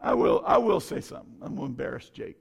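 A man's voice: mid-range voice, wildly swooping pitch, quick pace, vocal fry, husky. A middle-aged man, a pastor, preaching a sermon with folksy stories and bursts of fervor.

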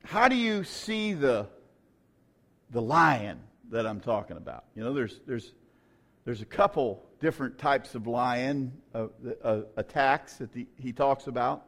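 A male pastor preaching a sermon, moving between quiet storytelling and loud, shouted preaching. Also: mid-range voice, lively intonation, a little slow, vocal fry.

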